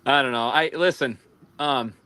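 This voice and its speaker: A man's voice: mid-range voice, moderate pace, bright, forceful tone, clean tone. A man with an American accent telling rambling stories in a casual livestream chat, laughing often. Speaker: livestream co-host.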